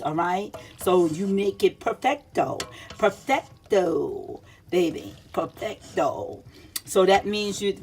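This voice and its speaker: A woman's voice: medium pitch, slight background noise. A woman giving a casual cooking demonstration in a home kitchen. She talks in a chatty, repetitive, teacherly way, keeps checking in with her listeners, and speaks directly to kids and teens. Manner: chatty and repetitive, checks in with "see?" and "all right?". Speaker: home cook.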